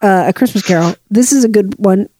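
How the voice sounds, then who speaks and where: A woman's voice: mid-range voice, fairly quick, mellow, no room sound, studio quality. A woman co-hosting a casual podcast chat, playful and steering the discussion. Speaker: podcast co-host.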